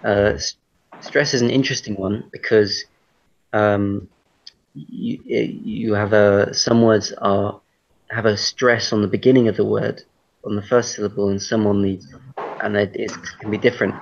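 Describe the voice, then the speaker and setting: A British man teaching an online English class, relaxed and hesitant, with many fillers and restarts, heard over a video call. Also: on the low side, unhurried, creaky. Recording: muffled lo-fi call audio.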